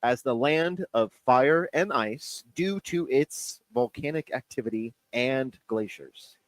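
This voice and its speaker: A man co-hosting a sports radio show in a laid-back, teasing way, laughing often. His mid-range voice rises and falls in a lively way. The studio sound is dry and close. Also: medium pitch, takes it slowly, dry recording. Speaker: radio co-host. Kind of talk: casual sports radio banter.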